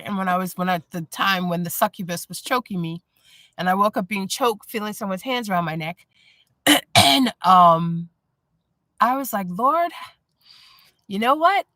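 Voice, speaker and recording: Blunt, outspoken woman with a bright voice. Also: medium pitch, no room sound. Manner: blunt, animated, laughing often. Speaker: live stream host. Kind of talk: casual chat.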